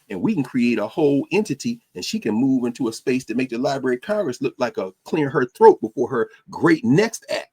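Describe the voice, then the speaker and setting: A man hosting a podcast as a teacher, lecturing in a preacherly, animated way. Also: medium pitch, slightly rough. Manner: preacherly, animated, mixing quotes and asides. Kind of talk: lecture-style commentary.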